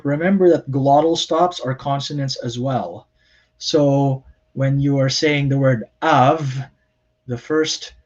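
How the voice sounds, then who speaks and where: A man lectures on grammar at a slow, unhurried pace. He explains plainly and corrects himself often, with frequent ums. The recording sounds dull and lo-fi. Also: mid-range voice, darkish tone. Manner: plain explanatory, many fillers and self-corrections. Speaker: Hebrew lecturer.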